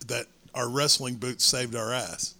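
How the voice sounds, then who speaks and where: A man's voice: mid-range voice, steady tone, a little slow, sharp tone. A middle-aged man, a former wrestler, chiming in casually and prompting shared memories of old road trips. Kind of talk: casual chat.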